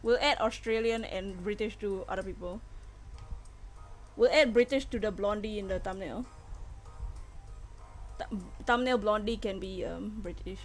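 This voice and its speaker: Speaking unhurriedly with long pauses, this woman has a medium-pitched voice. She giggles a lot and talks to her chat while playing through a game on stream, with game music faintly audible.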